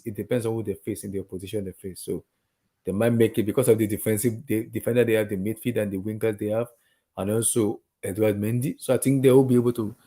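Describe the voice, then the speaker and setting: A man's voice: on the low side, mellow. A man hosting a casual football chat, talking in a rambling, hesitant way. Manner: rambling, hesitant, lots of fillers.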